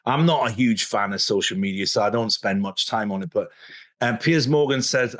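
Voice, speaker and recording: A man's voice: on the low side, normal speed. Man telling stories with a chuckle. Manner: animated storyteller, chuckles mid-sentence. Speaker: interviewer or guest in a video interview. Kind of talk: casual conversational interview.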